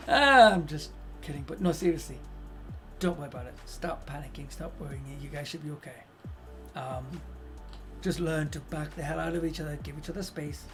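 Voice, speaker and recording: A blunt, foul-mouthed streamer talks through relationship advice in a loose live-stream chat. The voice sits at a middling pitch and swings between low, quiet reassurance and loud, animated outbursts that act out each quoted voice, with faint music underneath. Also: a little fast. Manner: blunt, swears constantly.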